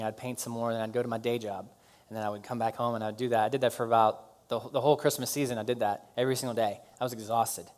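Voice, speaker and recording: Man, smooth clear voice, middle pitch, casual live talk, lots of fillers and restarts. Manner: casual, halting with fillers and restarts, animated when excited. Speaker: speaker telling his business story.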